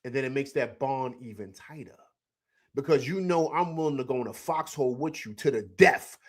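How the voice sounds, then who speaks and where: A middle-aged man with a medium-pitched voice hosts a live postgame sports show at a moderate pace. Animated and emphatic, he repeats himself as he reads chat comments aloud and responds to them.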